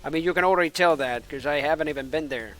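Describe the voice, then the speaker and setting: A man's voice: fairly high pitch, fast talker, a bit bright, soft background music. A man from Finland, a native Finnish speaker with American-sounding English, rambling in casual stream chatter as an esports caster between matches and laughing at himself.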